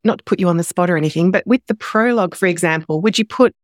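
A woman's voice: lowish voice, racing, no room sound, studio quality. A woman hosting an interview about writing, inquisitive and encouraging with her guest. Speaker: podcast host. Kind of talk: interview questions.

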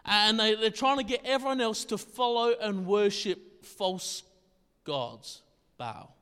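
Male pastor, high voice, chatty laid-back preaching, long hall echo. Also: expressive, slow, pushed and bright, clean tone. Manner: casual, conversational, often checks in with "right?". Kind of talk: sermon.

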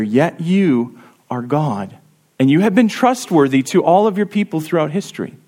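A man preaching a sermon, earnestly explaining a psalm and reading its verses aloud with rising emphasis. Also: high-pitched.

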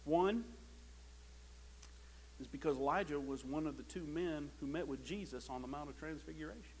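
Male pastor, high voice, impassioned sermon delivery that swings loud to hushed, repeats words when starting a phrase. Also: moderate pace, slight background noise, low-quality recording.

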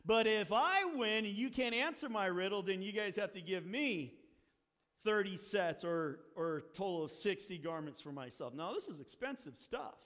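High-voiced preacher in a reverberant hall. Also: male voice, animated, normal speed, fairly bright tone. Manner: storytelling, acts out quoted characters, wry asides. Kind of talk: sermon.

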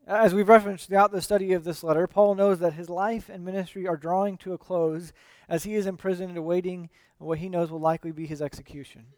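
A man preaching a sermon as a pastor, earnest and emphatic, letting his voice fall quiet and low at the ends of phrases. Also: fairly even intonation, fast talker, no room sound.

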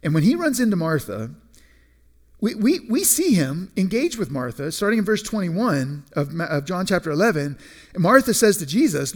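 A man preaching a sermon in a conversational way, often restarting and repeating words, and slowing down to stress key phrases. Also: sits high, big pitch swings. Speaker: pastor.

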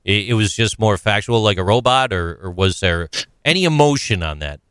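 A man with a very deep, resonant voice, chatting casually and pressing with follow-up questions. His voice is smooth and clear, recorded close and dry. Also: expressive, normal speed, a bit bright, no room sound. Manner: probing, asks pointed follow-up questions. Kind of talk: casual chat.

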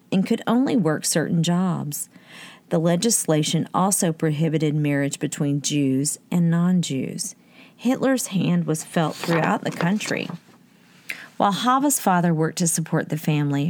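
A woman with a low voice reads documentary narration. Her delivery is measured and even, clearly scripted.

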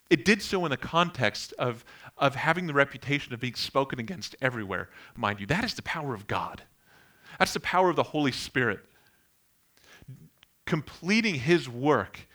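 A man's voice: on the high side, bright, forceful tone. A middle-aged man preaching a sermon, earnest and building emphasis on key phrases, with homely anecdotes along the way. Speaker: pastor.

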